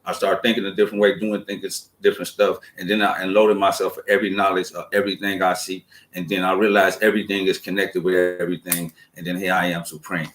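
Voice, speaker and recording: A show host delivers a casual, streetwise spiritual monologue full of profanity, acting out the voices he quotes. He talks fast with few pauses in a low, flat, slightly bright voice, and the room has a noticeable echo.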